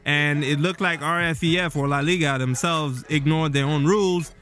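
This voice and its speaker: A man's voice: on the high side, fairly even intonation, normal speed, fairly bright tone, soft background music. A man giving casual solo football commentary as a vlog host, rambling loosely with fillers and restarts. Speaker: football vlogger.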